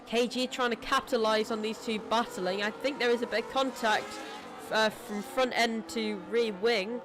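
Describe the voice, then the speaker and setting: An esports racing commentator calling a live race in a chatty, self-deprecating way, quick to apologise, and losing their voice. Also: mid-range voice, fairly even intonation, over music.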